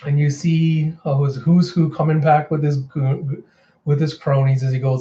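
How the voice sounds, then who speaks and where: A man recapping a manga chapter for his channel, animated, jumping into character voices as he reads the lines out. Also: fairly high pitch, normal speed, highs cut off. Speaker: manga reaction host. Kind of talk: casual manga reaction, acting out lines.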